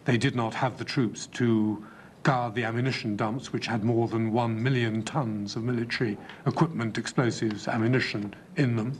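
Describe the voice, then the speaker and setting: A man giving formal testimony to an inquiry, speaking in a measured, deliberate way with frequent hesitations. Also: mid-range voice, fairly even intonation, a little hiss or hum. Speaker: inquiry witness.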